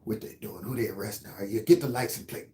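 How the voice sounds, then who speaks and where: A man hosts his own political commentary show, speaking in a heated, mocking, sarcastic way. His voice is lowish, fast and warm, and the recording has a roomy echo.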